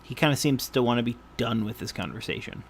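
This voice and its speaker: A man's voice: medium pitch, fast talker, vocal fry, a little hiss or hum. A man narrating as game master in a tabletop session, hesitant and full of fillers.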